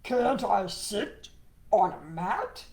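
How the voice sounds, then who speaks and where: Storybook role: a whiny little male frog, read by a woman, slow and plaintive. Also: mid-range voice, sing-song, a little mellow, pitched below the performer's own voice, exaggerated voice. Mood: complaining.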